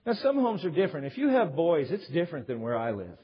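Lively, joking man preaching. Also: a little high, fast talker, breathy edge. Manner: animated, joking storyteller; acts out quoted voices. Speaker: pastor. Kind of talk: sermon. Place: church sanctuary. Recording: dull lo-fi recording in reverberant hall.

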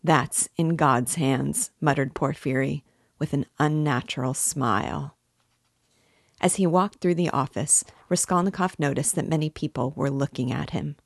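Woman narrator, steady classic-novel read, low voice, dry close mic. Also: moderate pace, vocal fry, dry recording. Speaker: book reader. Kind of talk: audiobook narration.

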